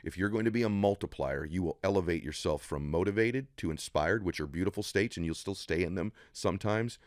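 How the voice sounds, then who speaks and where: A man's voice: sits low, fairly quick, no room sound, studio quality. A middle-aged man speaking in a motivational interview, emphatic and preacherly, building to intensity. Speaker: podcast guest. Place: studio room.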